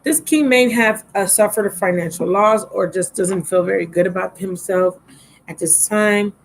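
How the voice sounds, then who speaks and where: A tarot reader does a casual live reading, chatty and affectionate with her viewers and a little drowsy. Her medium-pitched voice moves at a moderate pace, and the laptop-mic recording is low quality.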